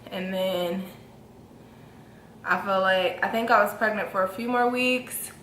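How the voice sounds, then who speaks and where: A woman's voice: measured pace, a little hiss or hum. A young woman in her twenties telling a story casually as a vlogger, acting out quotes with big jumps in her voice. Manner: animated, acts out quotes with big pitch jumps. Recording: echoey room with faint ambience.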